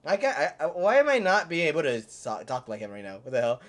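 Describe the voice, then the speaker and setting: A man's voice: fairly high pitch, wildly swooping pitch, fast talker, fairly bright tone. A young man casually commenting on his game playthrough, joking, self-mocking and swearing. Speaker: gaming streamer. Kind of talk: casual let's-play commentary.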